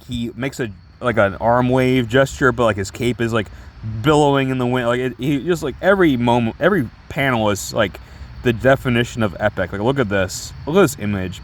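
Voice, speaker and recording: A man casually reviewing a comic book, rambling and enthusiastic with many restarts. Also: lowish voice.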